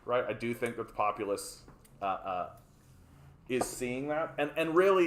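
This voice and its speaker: A Canadian livestream host delivers casual political commentary in rambling, profane rants, tagging lines with "right?" His medium-pitched voice has lively intonation and a moderate pace, and the sound is roomy.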